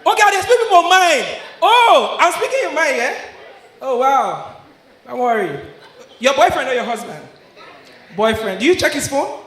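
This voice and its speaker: A young man with a Nigerian accent doing live stand-up comedy in Pidgin-mixed English, often shouting punchlines and laughing. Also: very high-pitched, big pitch swings, normal speed, long pauses. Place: comedy show venue. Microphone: handheld stage mic. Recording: echoey live venue sound. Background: audience laughter.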